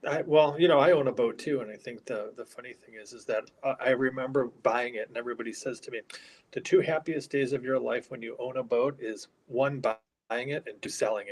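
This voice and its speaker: A man who keeps up a haunted hospital, talking casually and keeping his voice low in an interview, with a headset inside the building. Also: a little fast, low-quality recording. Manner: talks quietly, keeping his voice down. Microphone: earpiece headset.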